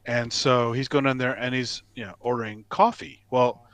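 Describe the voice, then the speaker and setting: A man's voice: mid-range voice, fairly even intonation, normal speed, fairly bright tone, dry recording. A man on a video call, telling anecdotes in a chatty, restarting way. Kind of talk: casual chat on a video call.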